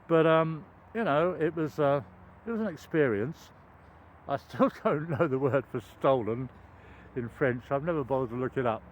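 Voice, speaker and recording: Strolling outdoors at a cricket ground ringed by trees, an older vlogger rambles through an anecdote at his own expense, restarting often and saying "um" a lot. His pitch is medium and his pace moderate, with a muffled recording and slight hiss or hum.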